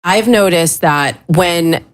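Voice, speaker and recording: A woman's voice: lowish voice, takes it slowly. A woman dating coach chatting casually, talkative and explaining her views. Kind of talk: casual chat.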